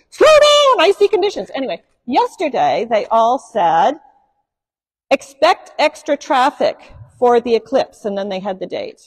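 A woman's voice: a little high, a little mellow, breathy edge. Joking woman minister in a reverberant church. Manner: chatty, joking, asks the congregation questions. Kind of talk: conversational sermon. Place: church sanctuary.

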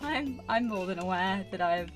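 A woman's voice: mid-range voice, animated, moderate pace, faint music behind. A woman chatting casually while playing a farming game for her channel, rambling and scolding herself with many fillers. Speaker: gaming YouTuber. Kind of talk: casual gameplay commentary.

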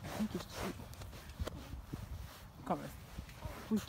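A man's voice: high voice, moderate pace. A man hosting a playful challenge vlog on a backyard trampoline, talking to viewers through a handheld camera, tired and a bit out of breath. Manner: upbeat, playful, addresses viewers. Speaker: vlogger. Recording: loud outdoor background noise.

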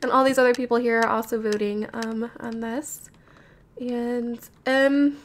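A woman's voice: a little high, steady tone, unhurried. A woman commentating as she builds in a game, chatty, nervous and giggly as she talks to her viewers. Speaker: gamer. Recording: game audio with background music. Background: background music.

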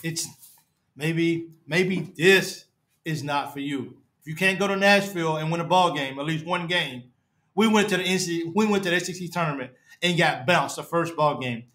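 A man hosts a fan show live from his apartment, distraught and halting. His voice sits high and bright. He repeats himself, stumbles over words, and often sinks low and quiet at the end of a phrase. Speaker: fan podcast host. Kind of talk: emotional live-stream rant.

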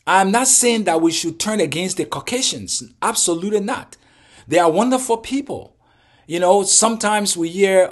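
Earnest high-voiced man. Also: breathy edge. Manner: earnest, preaching tone with rhetorical questions. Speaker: channel host. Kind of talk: direct-to-camera monologue.

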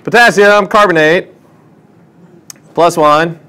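A man's voice: high voice, takes it slowly, clear, resonant tone. A man tutoring a chemistry class, asking students questions as he works through problems in a classroom. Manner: lively, questioning teacher talk. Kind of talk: classroom lesson.

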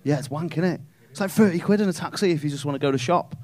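Cheeky sweary comedian. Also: male voice, fairly high pitch, very fast, a little mellow. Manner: cheeky, sweary banter with the crowd. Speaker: stand-up comedian. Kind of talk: stand-up crowd work. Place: comedy club stage.

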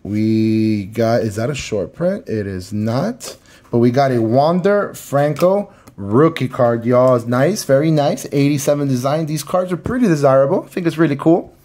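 A man from Miami opening trading card packs on camera, talking casually to his viewers and repeating his words when excited. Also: medium pitch, normal speed. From Miami, Florida. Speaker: card collector. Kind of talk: casual pack-opening commentary.

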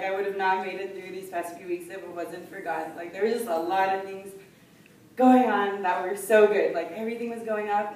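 A young woman giving an excited, gushing stage speech full of "like" fillers in a large hall. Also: mid-range voice. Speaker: award speaker. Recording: echoey hall, far from the recorder, loud crowd noise.

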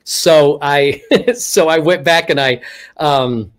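A middle-aged man from Texas, speaking over a video call as a guest. His voice sits a little above the usual pitch for a man. He tells his stories casually, with lively acted-out quotes. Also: slow pace. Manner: animated, acts out quoted speech. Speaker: guest ventriloquist. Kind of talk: casual interview storytelling.

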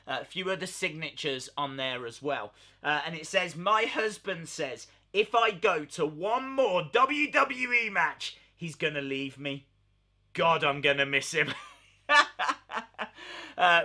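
A wrestling YouTuber talks casually straight to his viewers in a high, very bright, sharp voice. He sounds amused throughout, chuckling often as he comments.

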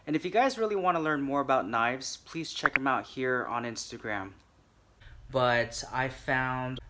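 A man's voice: mid-range voice, bright, forceful tone, a little hiss or hum. A man in a casual vlog, chatting to his viewers with lots of fillers while he unboxes something at home. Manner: chatty, filler-heavy, addresses viewers directly. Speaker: vlogger.

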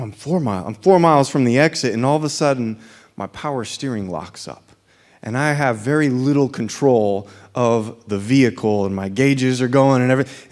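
Male pastor, young adult, sermon storytelling, animated, acts out dialogue, from southern california, medium pitch.

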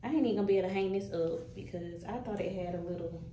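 A woman's voice: mid-range voice, rapid-fire. Aggravated woman vlogging in an echoey room. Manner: chatty, talks straight to viewers, swears casually. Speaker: nail technician vlogger. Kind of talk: casual vlog chat. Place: small nail salon room, indoors. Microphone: camera set down at a distance, no tripod. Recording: echoey room, distant mic, background noise.

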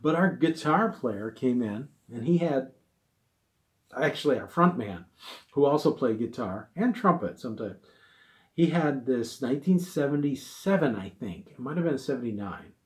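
A man's voice: medium pitch, lively intonation, normal speed. A middle-aged man telling a casual story about an old gig, rambling and fond, with many asides. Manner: rambling, fond, full of asides and quoted voices.

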